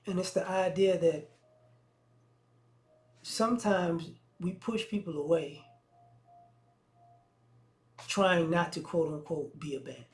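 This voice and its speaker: A man hosting his own channel, giving relaxed, conversational commentary full of slang and restarts. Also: a little high, takes it slowly, pauses often. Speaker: channel host. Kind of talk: casual video commentary.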